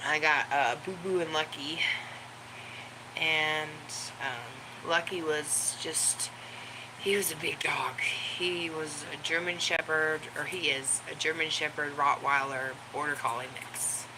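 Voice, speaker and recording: Slow-talking woman chatting live from home. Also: deep voice, fairly even intonation. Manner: rambling, coos baby talk to her dog between chat. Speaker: livestream host chatting with viewers. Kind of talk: casual live chat. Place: at home with her dog. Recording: loud background noise with dog sounds. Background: dog barking.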